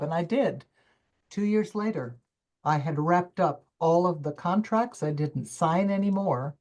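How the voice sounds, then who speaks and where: An older woman, a coach and former stage performer, telling her life story in an interview with emphatic, expressive delivery and quoted self-talk. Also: fairly low pitch, measured pace. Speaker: summit guest speaker, coach.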